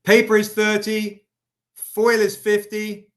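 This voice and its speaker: A man's voice: sits high, monotone, slow, a bit bright. Upbeat man hosting a live sales stream. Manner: upbeat, chatty, calls out viewers by name. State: recovering, tired. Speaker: live stream host selling comics.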